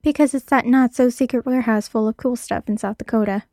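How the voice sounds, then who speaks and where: A woman's voice: on the high side, steady tone, fast, warm tone, dry recording, clean studio sound, close to an everyday voice. Woman voicing Parker, a blunt quirky thief.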